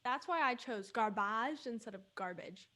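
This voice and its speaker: Playful woman on a school podcast, slightly high voice, jokes around, drags words out. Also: lively intonation, sharp tone. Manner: playful, jokey, drawn-out emphasis. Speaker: podcast co-host. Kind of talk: casual group chat.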